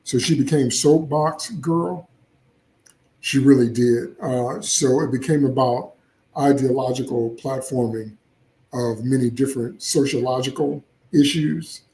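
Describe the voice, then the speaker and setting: A man's voice: medium pitch, unhurried, mellow, reverberant, low-quality recording. A man hosting casual solo commentary, opinionated and chatty with frequent asides. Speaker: comics channel host.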